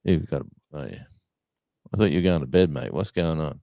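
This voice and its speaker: A man's voice: very deep voice, animated, a little fast, gravelly, warm tone, no echo. A man co-hosting a livestream chat, telling rambling stories and chuckling. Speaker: livestream co-host. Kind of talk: casual storytelling chat.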